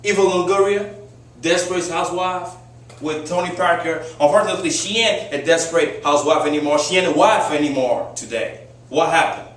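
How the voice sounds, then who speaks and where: A man's voice: a little high, fairly quick, fairly bright tone, far from the mic. A young man giving a persuasive speech to a class, emphatic and full of rhetorical questions and fillers. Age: young adult. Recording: very echoey classroom recorded from afar.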